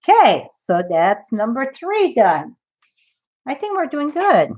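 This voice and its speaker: A woman's voice: fairly high pitch, big pitch swings, slow, highs cut off. A woman demonstrating a craft project in a live tutorial, chatty and thinking aloud as she works.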